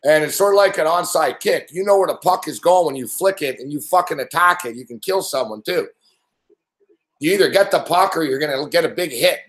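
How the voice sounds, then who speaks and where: A man's voice: a little high, a little fast, a bit bright, roomy sound. A man hosting a late-night sports betting show, ranting angrily and profanely about hockey and mocking the people he talks about. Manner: mocking impressions of others. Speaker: host.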